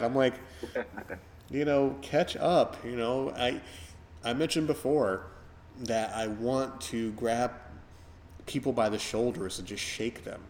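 A man's voice: medium pitch, steady tone, slow, a little mellow. A middle-aged man hosting a podcast, talking in a rambling, reflective way with lots of fillers. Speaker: podcast host. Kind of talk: casual podcast chat.

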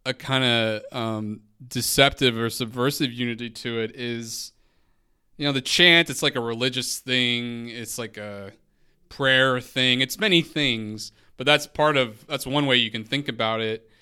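Host guy with a bright smooth voice, casual, swears a lot, dry sound. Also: mid-range voice, fairly even intonation, unhurried, dry recording. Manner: enthusiastic, casual, swears freely. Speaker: podcast host and interviewer. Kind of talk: casual conversation about poetry.

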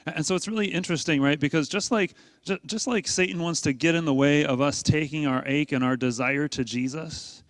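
Man, pastor, conversational sermon, rhetorical questions, animated emphasis, dry close sound. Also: fairly high pitch, no room sound.

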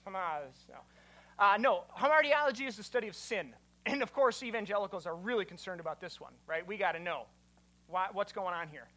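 A man, a pastor, giving an animated teaching sermon and quizzing his listeners. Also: high-pitched, a little fast.

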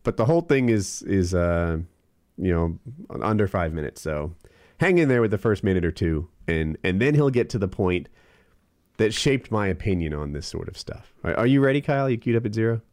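Low-voiced casual podcast host, dry sound. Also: male voice, lively intonation, fairly quick, a little mellow, no room sound. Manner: easygoing, chatty, with fillers and restarts. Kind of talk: casual chat.

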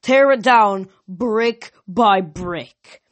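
Reader doing a villainous titan lord, bellowing, slow drawn-out lines. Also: medium pitch. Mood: gloating. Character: menacing titan lord, booming and gloating.

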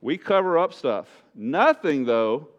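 A man's voice: big pitch swings, takes it slowly. A male pastor preaching a sermon in a church, speaking with emphasis and repeating his key phrases. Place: church sanctuary. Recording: dull low-fidelity church recording.

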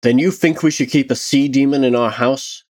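A man's voice: on the high side, animated, normal speed, a little mellow, voice pushed up, lightly acted. A man voicing a fierce, commanding village woman in a story, speaking harshly and demanding answers.

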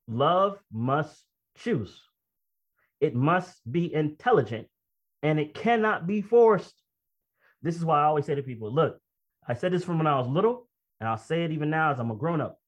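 A man preaching a sermon, reading quotations slowly and then commenting in a conversational, emphatic way with personal stories. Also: fairly high pitch, lively intonation. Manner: reads quoted text slowly, then comments conversationally and emphatically, often laughing. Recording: dull lo-fi recording.

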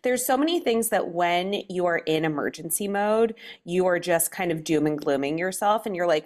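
A woman's voice: lowish voice, normal speed, few pauses. Upbeat woman author guest. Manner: upbeat, animated. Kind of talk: interview answers.

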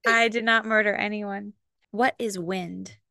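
A woman's voice: medium pitch, fairly even intonation, a little slow, gravelly, sharp tone, no echo, studio quality. A woman co-host asking questions in an upbeat, giggly way. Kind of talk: casual chat.

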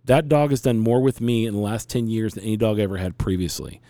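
A man in his forties tells a long personal story in an earnest, rambling way, as on a casual podcast. His voice sits a bit low and sounds mellow and warm. The recording is close and dry. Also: fast talker, no room sound.

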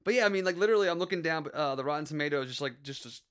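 Man, casual co-host. Smooth, clear voice, pitched a little high. Rambles and restarts. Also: rapid-fire, a bit bright. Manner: rambling, many fillers and restarts. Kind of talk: casual chat.

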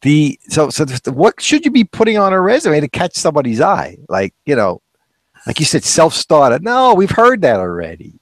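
Animated, chatty man telling stories. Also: fairly high pitch, moderate pace, no echo. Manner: storytelling, chuckling, acts out quoted voices. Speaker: co-host. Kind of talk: casual chat.

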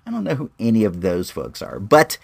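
Chatty man with a lively voice. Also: fairly low pitch, a little fast, creaky, breathy edge, no room sound. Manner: chatty and rambling, with lots of restarts. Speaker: movie reviewer. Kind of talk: casual spoken review monologue.

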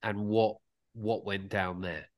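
A man's voice: lowish voice, steady tone, slow. A male podcast host asking a guest brief, direct questions. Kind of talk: interview questions.

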